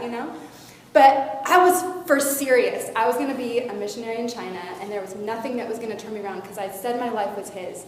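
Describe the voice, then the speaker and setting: A woman's slightly quick, higher voice tells the story of her faith to youth as a guest speaker, animated and shifting vividly in loudness. The hall echoes, with faint background noise.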